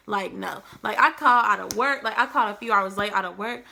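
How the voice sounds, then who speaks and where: Young woman vlogger, dramatic storyteller, slightly high. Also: quick pace, creaky, few pauses. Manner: animated, dramatic, acts out quotes. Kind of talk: storytime vlog. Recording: faint background music.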